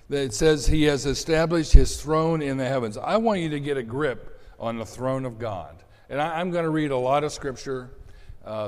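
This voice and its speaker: A man preaching a sermon in an animated way, dropping to soft asides and rising to shouted bursts. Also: mid-range voice. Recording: long hall reverb.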